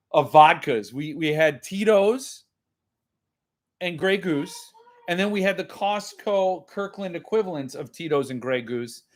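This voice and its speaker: A man hosting a casual live-stream chat with viewers, rambling and self-mocking, laughing often. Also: on the high side. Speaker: host.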